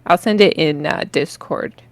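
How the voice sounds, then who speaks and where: A woman's voice: deep voice, unhurried, no room sound. Chatty Texan woman with a British tinge. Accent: Texan with some British influence. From Texas. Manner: chatty, rambling, laughs often. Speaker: podcast co-host. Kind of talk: casual chat.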